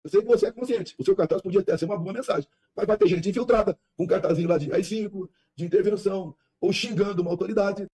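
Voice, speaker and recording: A man's voice: high-pitched, very fast, hardly any pauses, dark tone, husky. A man making an emotional political speech, pleading and close to tears, heard in a clip played back on the show.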